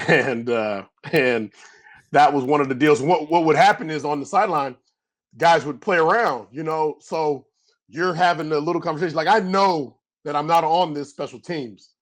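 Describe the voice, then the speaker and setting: Man, middle-aged, former pro athlete, animated rambling storyteller, slightly high voice, casual interview. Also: normal speed. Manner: animated storyteller, acts out coaches yelling; loose, rambling with many restarts. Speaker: former pro football player, guest.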